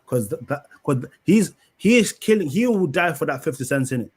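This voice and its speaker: A man, telling stories in a casual debate, animated and profane. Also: on the high side, fairly quick, slightly rough. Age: 20s.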